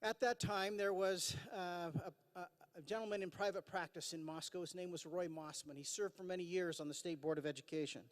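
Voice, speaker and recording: A man in his fifties from Idaho, USA, gives a formal commencement address into a podium microphone, his high voice carrying a long hall reverb. He speaks a little fast with fairly even intonation, earnest but laced with dry self-deprecating humor and frequent "uh" fillers.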